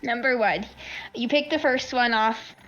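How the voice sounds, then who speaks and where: A woman narrating as game master of a tabletop game, rambling with lots of fillers and quick to laugh. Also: fairly high pitch, fairly bright tone, dull audio.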